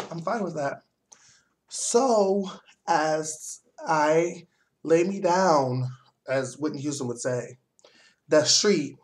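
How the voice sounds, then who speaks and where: A young man vlogging, telling a story in a heavily profane, animated rant. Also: fairly high pitch.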